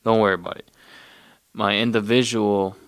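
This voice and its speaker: A man's voice: fairly low pitch, steady tone, normal speed, a bit bright, no room sound, studio quality. A man hosting a podcast, talking in a loose, profane, rambling way and often losing his train of thought. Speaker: podcast host. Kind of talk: casual rambling monologue.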